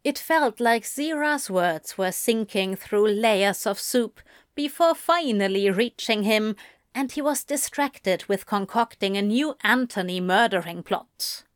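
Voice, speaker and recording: A woman narrating a fan fiction story aloud with measured, expressive delivery. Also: medium pitch, dry recording, studio quality. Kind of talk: audiobook reading of fan fiction.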